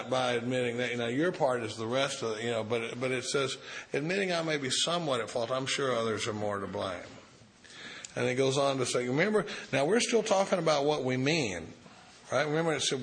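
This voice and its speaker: A man giving an informal, folksy talk at a recovery meeting, reading a passage and then riffing on it in blunt, salty language. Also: medium pitch. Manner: folksy, profane, reads a passage then riffs on it. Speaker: recovery group speaker.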